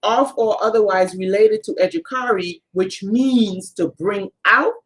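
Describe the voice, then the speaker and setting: A woman's voice: mid-range voice, a little slow. A woman co-hosting a live-streamed spiritual talk, explaining emphatically and speaking straight to the viewers. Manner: emphatic, addresses viewers directly. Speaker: co-host of a spiritual channel.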